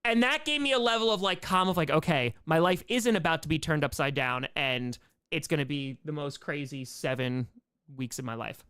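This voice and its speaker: A man hosts a casual live Q&A stream, spinning a story in a rambling, excitable way. His voice is smooth and resonant. He keeps slipping quoted asides into the telling. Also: fairly high pitch, moderate pace. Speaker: comedy streamer and host.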